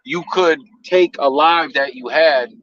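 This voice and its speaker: A man's voice: a little high, takes it slowly, fairly bright tone, muffled recording. A man hosting a casual live stream, telling stories loosely with slang and profanity.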